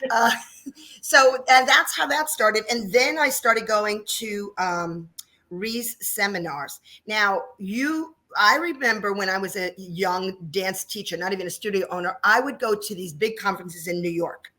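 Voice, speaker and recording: This dance studio owner, a New Jersey woman in her fifties, chats and tells stories in a casual interview, laughing frequently. She speaks a little slowly in a bright, forceful, mid-range voice.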